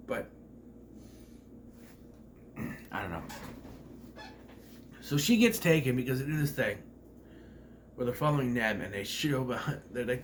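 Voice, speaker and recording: A man rambling through a casual spoiler review of a horror movie, forgetting character names and clearing his throat. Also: mid-range voice, a bit bright, slight background noise.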